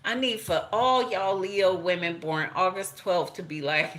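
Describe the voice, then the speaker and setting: A woman's voice: lowish voice, normal speed, hardly any pauses, fairly bright tone. Profane, blunt woman reading tarot. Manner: profane, blunt, laughing asides. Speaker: tarot reader. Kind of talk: casual tarot reading monologue.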